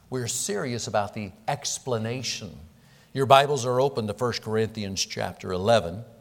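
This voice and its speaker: A middle-aged man, a pastor, leading a prayer and then preaching with earnest, emphatic delivery and deliberate pauses. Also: medium pitch, gravelly. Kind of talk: prayer and sermon. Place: church sanctuary. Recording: long reverb of a church hall.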